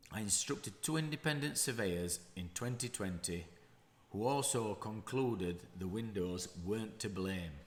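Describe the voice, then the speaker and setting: Man, damp and mould specialist, low voice, very slow, musing asides, echoey room. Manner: unhurried, musing asides with self-corrections. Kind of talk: reading and commenting on a news story. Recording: roomy echo.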